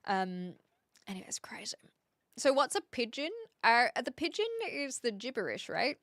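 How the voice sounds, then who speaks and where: A woman's voice: a little high, expressive, normal speed, fairly bright tone, no echo, clean studio sound. A young woman from New Zealand with a Kiwi accent, chatting casually with her live-stream viewers and reading out their comments, with lots of fillers. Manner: chatty, reads chat aloud, many fillers.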